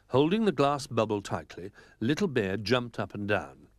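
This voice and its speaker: A man reading a children's storybook aloud in an animated, expressive way. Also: mid-range voice, moderate pace, no room sound, studio quality. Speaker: narrator.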